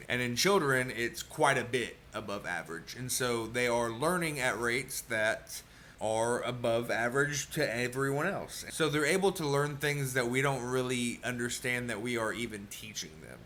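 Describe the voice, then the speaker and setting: A man with an Oklahoma accent speaks to camera in a bright, forward tone. He explains patiently and earnestly, one point after another. A faint noise sits under the recording. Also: mid-range voice. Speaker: autistic vlogger explaining masking. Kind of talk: explanatory solo talk to camera.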